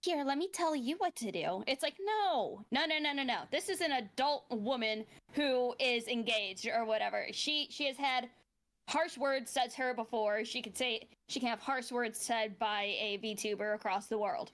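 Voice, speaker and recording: A woman's voice: a little high, normal speed, fairly bright tone. A woman co-hosting a live reaction show, exasperated and ranting. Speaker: podcast co-host.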